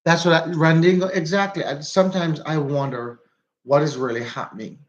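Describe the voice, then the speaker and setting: A man's voice: fairly high pitch, steady tone, fairly quick, muffled recording. Chatty Jamaican man livestreaming on a phone. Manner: chatty, repeats phrases, greets viewers by name. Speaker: livestream host. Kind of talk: casual livestream chat. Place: walking outdoors.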